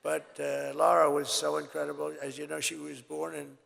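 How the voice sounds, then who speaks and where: An older man giving a rambling, boastful campaign rally speech, his voice hoarse and worn, swinging between loud shouts and low asides. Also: little pitch movement, normal speed. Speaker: political candidate at a rally. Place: large rally venue. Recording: reverberant hall with crowd and faint noise.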